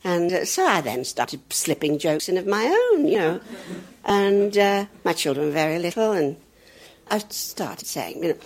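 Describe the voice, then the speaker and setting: An older English woman, a stand-up comedian, tells family anecdotes in a chatty, jokey style at a moderate pace, her voice very animated as she laughs at her own punchlines. Her pitch leaps upward whenever she imitates children and other people. Audience laughter fills the background.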